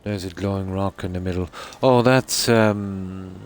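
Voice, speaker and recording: Low-voiced man streaming a game. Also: slight background noise. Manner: rambling and easygoing, with many "you know"s and pauses. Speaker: streamer playing a survival game. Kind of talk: casual live-stream commentary. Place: room at home at night.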